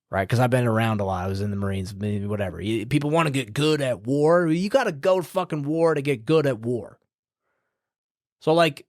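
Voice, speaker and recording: A man's voice: mid-range voice, no echo, clean studio sound. A man hosting a podcast, giving a blunt, profane, rambling pep talk in a casual style, with a slight New Jersey edge when he gets heated. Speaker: podcast host.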